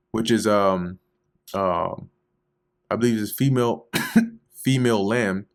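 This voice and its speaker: Man, low voice, casual bible study, reads verses aloud, explains them in loose slang. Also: takes it slowly, pauses often. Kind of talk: casual scripture reading and commentary.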